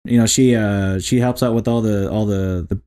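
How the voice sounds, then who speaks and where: A man's voice: lowish voice, fairly even intonation, normal speed, dark tone. A man co-hosting a podcast, chatting casually in a rambling way, full of fillers and "dude". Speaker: podcast co-host. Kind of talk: casual chat.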